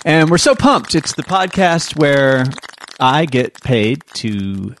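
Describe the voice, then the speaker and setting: A man's voice: mid-range voice, sing-song, takes it slowly, fairly bright tone. Guy cohosting a podcast, upbeat and jokey, voice goes all over, bit of hiss behind. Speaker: podcast co-host. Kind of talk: casual chat.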